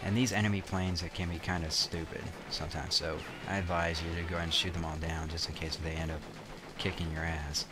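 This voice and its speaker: A man's voice: sits low, little pitch movement, fairly quick, hardly any pauses, noisy background. A young man casually commenting on his own gameplay, rambling with lots of fillers and restarts and some crude words. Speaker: let's play commentator. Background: game music.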